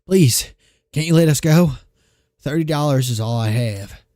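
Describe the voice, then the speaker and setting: A man's voice: on the high side, normal speed, warm tone, dry recording, clean studio sound, natural voice. A man doing a frightened pleading settler. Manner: pleading, raised voice. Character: frightened frontier settler begging for mercy.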